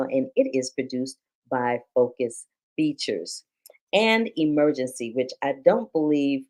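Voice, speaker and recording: A woman hosts a podcast with an exceptionally low-pitched voice. She talks effusively and expressively, both when interviewing a guest and when closing out the episode. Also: darkish tone. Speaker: podcast host.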